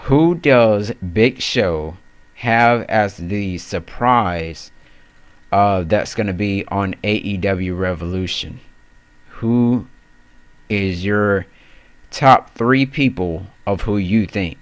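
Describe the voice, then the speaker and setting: Low smooth-voiced man hosting chat. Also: takes it slowly, no room sound. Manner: loose, rambling, self-correcting. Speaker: wrestling channel host. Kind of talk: casual podcast chat.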